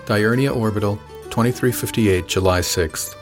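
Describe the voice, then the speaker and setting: A man with a fairly low voice reads a first-person novel aloud in a measured, calm way. His delivery is scripted and steady. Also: over music. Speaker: audiobook narrator.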